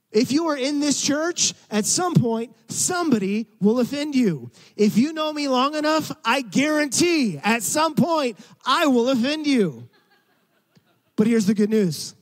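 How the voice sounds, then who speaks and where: A man's voice: high voice, a little mellow, in a large hall, low-quality recording. A man preaching a sermon in a church, emphatic and conversational, talking straight to the congregation. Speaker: pastor.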